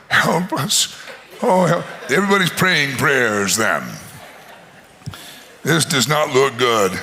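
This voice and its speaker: A male pastor preaching a sermon as an animated storyteller, acting out voices and laughing often. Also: high voice, gravelly.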